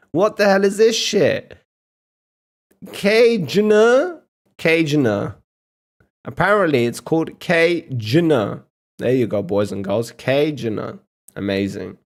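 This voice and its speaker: Slow, foul-mouthed mocking male streamer. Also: a little high. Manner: profane, mocking, drawn-out. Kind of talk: casual reaction commentary.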